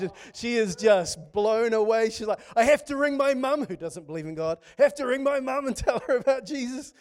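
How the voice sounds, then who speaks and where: A man with a fairly high, slightly mellow voice preaches a sermon. He tells stories with passion and keeps restarting his sentences.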